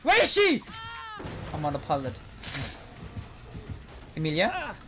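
A woman's voice: on the low side, wildly swooping pitch, takes it slowly. A woman chatting casually with friends over voice chat while gaming, joking and swearing freely. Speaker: gamer streaming with friends.

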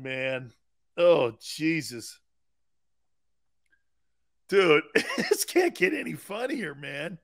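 A man's voice: fairly high pitch, wildly swooping pitch, drawn-out words, long pauses. A man hosting a sports talk show, ranting in a mocking, incredulous way. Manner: mocking and incredulous, breaking into laughter and shouted outbursts.

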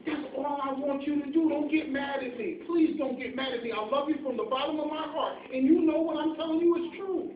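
A man's voice: very high voice, a little fast, few pauses. A man preaching an impassioned, pleading sermon, firing off rhetorical questions at his congregation. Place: church sanctuary. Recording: echoey church, far from mic, tinny phone-like sound, faint noise.

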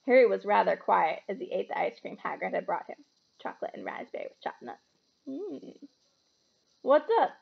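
Gravelly-voiced woman reading a story. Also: mid-range voice, quick pace, highs cut off. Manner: expressive storytelling. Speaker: reader. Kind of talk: reading a novel aloud.

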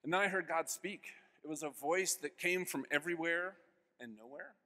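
A man in his fifties giving an earnest personal faith testimony as keynote speaker, telling his story with sudden swings between hushed and loud. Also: a little high, moderate pace. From United States. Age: 50s. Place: large convention hall. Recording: long hall reverb.

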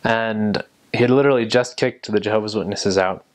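A young man who served as a missionary, talking slowly and carefully and repeating each word. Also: on the low side, steady tone. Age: young adult. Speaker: returned missionary. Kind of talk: casual talk with vocabulary recitation.

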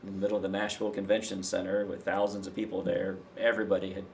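A man from Tennessee recounting a personal story as a podcast guest, relaxed and filling his speech with "you know". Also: sits low, racing, creaky, slight background noise. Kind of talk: storytelling in a conversation.

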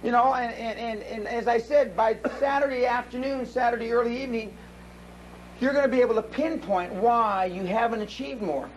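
A man with a high-pitched voice speaks at a seminar, brash and profane as he tells stories to the audience. A faint hiss of live-room noise sits under his voice. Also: normal speed, low-quality recording.

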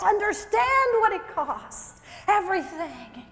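Very high-voiced exuberant woman preacher. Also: unhurried. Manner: exuberant, shouting and laughing. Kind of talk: sermon. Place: conference hall. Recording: echoey hall with faint crowd. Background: faint crowd.

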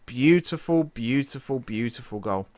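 A gaming streamer gives chatty play-by-play of a football management game, correcting himself, laughing quickly at his own slips and shifting from excitement to low mutters. He sounds tired from an early start. The audio has no echo.

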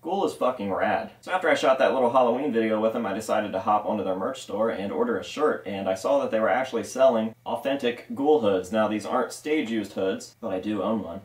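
A low-voiced man chats through a casual unboxing vlog, swearing freely and joking at his own expense. He is recorded from a distance in a room at home. The room gives an echo, with faint noise underneath. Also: fairly quick, hardly any pauses, soft background music. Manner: laid-back, profane, jokey. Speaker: mask collector and channel host.

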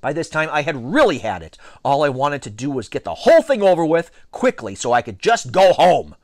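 Man, children's book reader, expressive, lively intonation, dry recording. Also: fairly high pitch, brisk, no echo. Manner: expressive, varied storytelling delivery. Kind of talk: reading a children's novel aloud.

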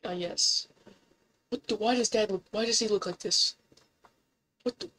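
A woman giving casual gameplay commentary, excitable and incredulous, swearing often and jumping up in pitch when surprised. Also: unhurried, slight background noise, poor audio.

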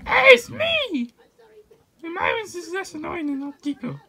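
A man voicing an excitable young male plumber hero in a fan comedy, squeaking and yelling in a flustered way. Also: a little slow, vocal fry, full character voice. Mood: excited.

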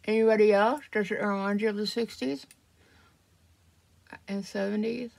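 A woman's voice: medium pitch, fairly even intonation, normal speed, gravelly, a little mellow. A woman, chatting casually and rambling while she does her make-up. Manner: chatty, rambling, self-deprecating. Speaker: vlogger. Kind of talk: casual get-ready-with-me chat.

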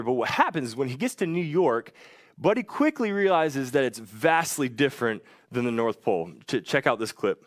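A man's voice: mid-range voice, very animated, normal speed, dry recording, studio quality. A man giving a guest sermon in an enthusiastic, conversational way, with playful asides to the congregation. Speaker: guest speaker. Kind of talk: sermon retelling a movie.

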